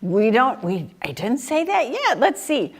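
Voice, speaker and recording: A woman's voice: on the high side, big pitch swings, measured pace, slightly rough. A woman reading picture books aloud to a group of young children, playful and sing-song, asking them questions and laughing often. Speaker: children's story time reader.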